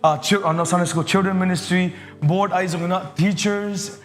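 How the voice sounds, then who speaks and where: Animated man preaching to children. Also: high-pitched, long reverb tail, soft background music. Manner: animated, halting, non-native phrasing. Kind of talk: energetic children's sermon.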